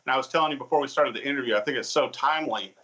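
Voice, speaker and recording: Male TV host, interviewing, eager and encouraging, bright tense tone, slightly muffled audio. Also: medium pitch, very fast, slight background noise. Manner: enthusiastic, affirming, lots of fillers. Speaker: TV show host. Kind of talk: casual interview talk.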